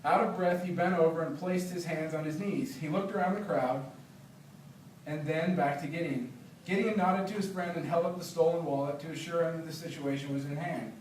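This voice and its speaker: A man, an author, telling stories and reading his book aloud to a library discussion group in an animated, laughing manner. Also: fairly high pitch, brisk, slight background noise. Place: library meeting room. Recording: roomy, distant, faint background.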